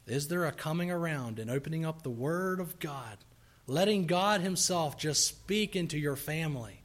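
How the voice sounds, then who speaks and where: A man preaching a sermon in a church service, earnestly pleading with and exhorting his congregation, rising to forceful emphasis. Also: on the high side, lively intonation, moderate pace.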